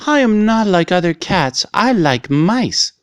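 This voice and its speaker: A man doing a calm, clever storybook cat. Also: sits high, unhurried, smooth, dry recording, clean studio sound, voice pushed up. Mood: gentle. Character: clever, calm female cat who likes mice.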